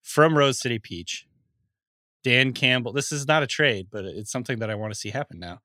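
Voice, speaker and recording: A man's voice: mid-range voice, brisk, sharp tone, no room sound, studio quality. A man co-hosting a podcast in casual chat, laughing easily and musing with hesitant restarts. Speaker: podcast co-host.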